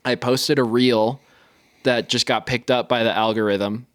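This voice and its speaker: A man's voice: medium pitch, fairly even intonation, clean tone, no room sound. Joking podcast guy, dry sound. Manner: loose, joking, quick to laugh. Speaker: podcast co-host. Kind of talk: casual chat. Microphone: video call.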